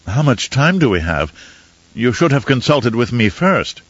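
A man voicing a fussy, pedantic male etiquette advisor with a smooth, silky voice and overly proper, theatrical manner in an audiobook. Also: mid-range voice, big pitch swings, unhurried, no room sound, highs cut off. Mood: prim, instructive. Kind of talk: audiobook character reading.

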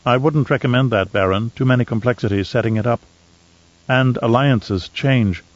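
A man doing a calm, calculating Mentat. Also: medium pitch, no echo, lo-fi sound, close to an everyday voice. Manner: calm, measured, sly. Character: cold, calculating male Mentat advisor.

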